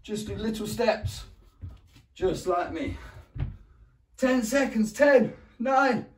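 A man's voice: lively intonation, slow pace, a little hiss or hum. A man with an English accent leading a home PE lesson for young children, encouraging them, counting down and often praising them. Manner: makes animal noises, roars and squeaks. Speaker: primary school PE teacher. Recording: echoey room, mic far away.

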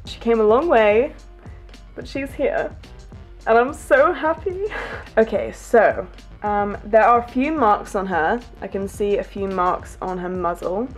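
A woman hosting a casual unboxing vlog, gushing and excitable with frequent gasps over her new toys. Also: mid-range voice, measured pace, soft background music. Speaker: toy collector vlogger.

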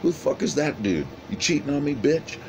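A man's voice: a little high, very animated, a little fast, slight background noise, pitched above the performer's own voice. A man voicing a jealous, hotheaded young gang member who swears and accuses. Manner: angry, profane, accusing.

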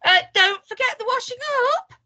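A woman voicing a bossy little woman who barks orders slowly and loudly. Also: fairly high pitch. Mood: commanding.

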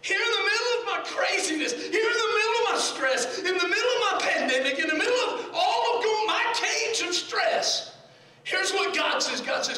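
High-voiced preacher man in echoey church. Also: expressive, moderate pace, far from the mic. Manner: impassioned preaching, repeats words, swings between quiet and shouting. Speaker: pastor. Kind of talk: sermon. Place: large near-empty church.

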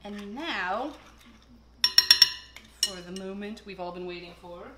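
Slow-paced and medium in pitch, a woman hosts a laid-back cooking video, telling meandering stories packed with fillers while working. Heavy background noise and clattering dishes fill her echoey kitchen.

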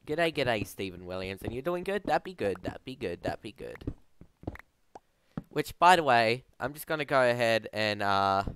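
A man's voice: medium pitch, a bit bright, clean tone, no room sound. A man streaming a game, chatting casually and rambling to his chat, calling them bro. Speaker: gaming streamer.

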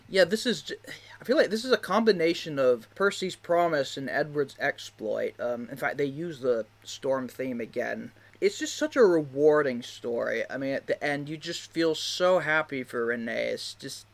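A man's voice: mid-range voice, vocal fry. A man giving casual, rambling video commentary, with many fillers and frequent laughs. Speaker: video creator.

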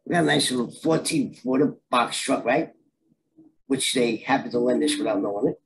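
A man's voice: mid-range voice, fairly quick, creaky, crowd noise, poor audio. A middle-aged man telling a story in a casual, streetwise way and acting out the voices in it. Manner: animated, streetwise, acts out voices in his stories. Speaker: storyteller guest.

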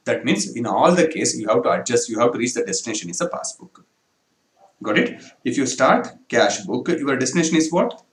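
A man's voice: mid-range voice, big pitch swings, brisk. Man, Indian English accent, accounting teacher, repetitive, keeps asking "correct?", roomy echo. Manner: addresses students as "my dear friends". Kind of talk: online class lecture. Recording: echoey room.

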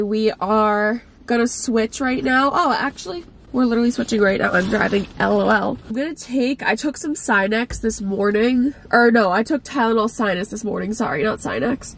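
A woman's voice: a little high, normal speed, few pauses, slight background noise. A young woman with a stuffed-up nose, chatting bluntly in a casual vlog from inside her car and swearing often. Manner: blunt, swears a lot, irritated. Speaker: vlogger.

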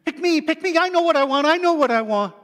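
A man voicing an eager, nosy owl, begging in a high, squealing voice while telling a story in a sermon. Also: lively intonation, quick pace, a bit bright. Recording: long hall reverb.

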